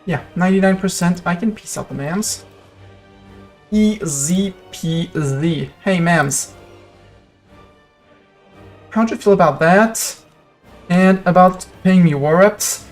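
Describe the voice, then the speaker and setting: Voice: medium pitch, measured pace, long pauses, faint music behind. Chatty French-accented game streamer. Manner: chatty, rambling, talks to chat and to the game. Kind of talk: live gameplay commentary.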